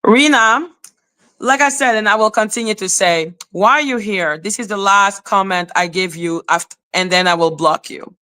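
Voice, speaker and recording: Woman, livestream host, bright clear voice, confrontational, scolding her chat. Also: mid-range voice, moderate pace. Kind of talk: live stream talk answering chat.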